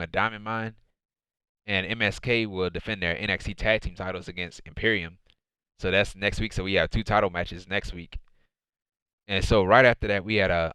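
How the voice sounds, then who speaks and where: Male host, low and crisp, rambling chatty recap, lots of "man" and "dude". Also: bright, forceful tone, no echo. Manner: rambling, repeats phrases, says "man" and "dude" often. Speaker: wrestling show reviewer. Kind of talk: casual recap commentary.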